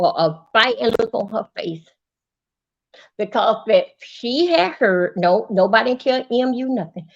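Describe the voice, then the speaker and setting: A high-voiced woman vents on a live stream, swearing and circling back over the same grievance. Her anger keeps building as she tells the story. The audio is muffled and lo-fi, like a typical stream recording. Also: creaky, a little mellow. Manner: profane, angry, repetitive storytelling. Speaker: livestream host. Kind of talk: heated live-stream rant.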